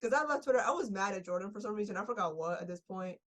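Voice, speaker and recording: A woman's voice: medium pitch, lively intonation, racing, a bit bright. A young woman guest on a podcast, telling a story in casual chat, gushing and laughing with lots of filler words.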